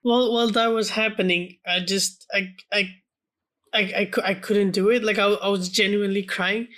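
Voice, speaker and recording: A man co-hosting a film podcast in casual chat, speaking haltingly and filling his sentences with "like" and restarts. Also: sits high, fairly even intonation, a bit bright. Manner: hesitant, fills speech with "like" and restarts. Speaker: podcast co-host.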